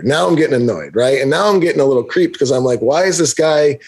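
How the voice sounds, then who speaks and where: A man's voice: mid-range voice, expressive, quick pace, a little mellow, husky. A man co-hosting a podcast, telling a long story in casual chat and acting out the quotes with big jumps in his voice. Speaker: podcast co-host.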